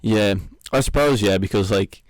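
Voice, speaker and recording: A man's voice: on the low side, moderate pace, no room sound. A young man with a Dublin Irish accent co-hosting a podcast in casual, slangy chat, swearing and saying "man" a lot. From Ireland. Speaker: podcast co-host.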